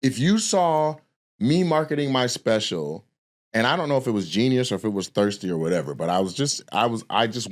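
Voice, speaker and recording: A man hosting a podcast, telling a long, rambling, profane story in a casual way. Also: fairly low pitch. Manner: profane, animated, rambling with restarts. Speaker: podcast host and comedian.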